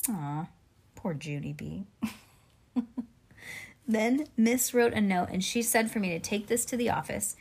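Lady reading a children's chapter book out loud, lively expressive storytelling. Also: fairly high pitch, normal speed, breathy edge. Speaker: reader.

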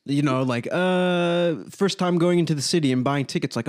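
A man hosting a casual podcast interview, reacting in a relaxed, easygoing way and asking questions. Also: high voice, normal speed, few pauses. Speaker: podcast host.

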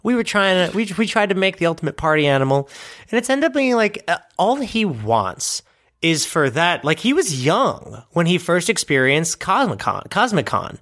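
A man co-hosting a comedy podcast, talking in a loose, rambling way full of "like" and casual swearing. His pitch swings widely as he riffs. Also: sing-song, normal speed, a bit bright. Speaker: podcast co-host. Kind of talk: casual improvised chat.

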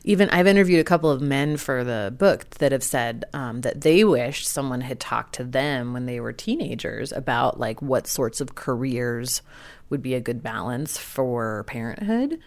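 A woman's voice: rumbling low, expressive, normal speed, a little mellow, no room sound. A woman in her thirties hosting a podcast, chatting casually and peppering her speech with "like". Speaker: podcast host. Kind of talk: casual conversational interview and outro.

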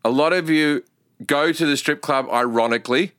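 Australian man, comedian guest, bright forceful tone, animated storytelling, casual chat. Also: fairly high pitch, normal speed, smooth, dry recording, clean studio sound. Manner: animated storytelling, swearing, acting out crowd shouts.

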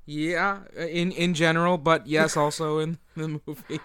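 Deadpan male co-host, smooth dry voice. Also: on the high side, measured pace, no room sound. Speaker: podcast co-host. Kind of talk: casual movie-review chat.

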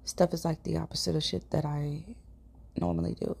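A woman's voice: low-pitched, flat delivery, fairly quick, vocal fry, darkish tone, slightly rough. A woman with a St. hosting a podcast, telling a personal story in a chatty, casual way, swearing now and then and sometimes dropping to a whisper. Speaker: podcast host.

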